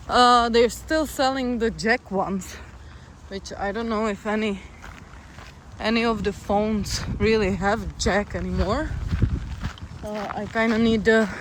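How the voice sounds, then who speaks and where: Walking by a road in a blustery town, a long-distance hiker vlogs casually, talking slowly in a chatty, wry, relaxed manner. The medium-pitched, fairly bright voice comes through a low-quality recording full of wind and traffic noise.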